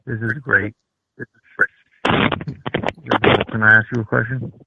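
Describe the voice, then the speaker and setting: A man hosting a casual call-in chat, excitable, slangy and profane. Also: fairly low pitch, moderate pace, creaky, very noisy. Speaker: show host. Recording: tinny phone-like line.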